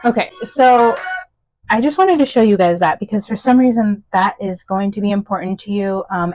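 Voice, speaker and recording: A young woman talking casually through a tarot and psychic reading, chatty, excitable and unsure of herself. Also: mid-range voice, normal speed, dry recording, rough recording. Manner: chatty, self-doubting, excitable. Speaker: tarot reader and medium. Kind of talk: casual channeled-message reading.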